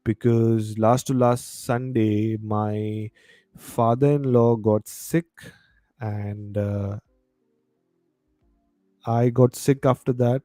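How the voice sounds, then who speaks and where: A man's voice: mid-range voice, steady tone, extremely slow, pauses often, warm tone, no room sound, clean studio sound, faint music behind. A man with a bad cold, hosting a casual live stream, chatting and reading viewer comments aloud. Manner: chatty, reads viewer comments aloud, mixes Hindi into English.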